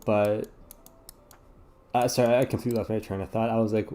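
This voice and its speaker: A man's voice: lowish voice, flat delivery, a little fast, pauses often, dark tone. A sleepy man chatting casually while playing a puzzle game, rambling, apologetic and swearing often. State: yawning, sleepy. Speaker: gaming streamer.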